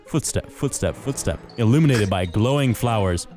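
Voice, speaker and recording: A man's voice: fairly low pitch, lively intonation, moderate pace, darkish tone, faint music behind. A man co-hosting a podcast, chatting casually and narrating a children's story in a sinister movie-trailer style. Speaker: podcast co-host.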